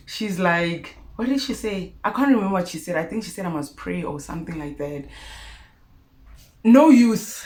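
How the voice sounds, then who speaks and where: A young South African woman telling a personal story to her viewers in a vlog, expressive and animated. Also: lowish voice. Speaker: YouTuber. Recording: roomy echo.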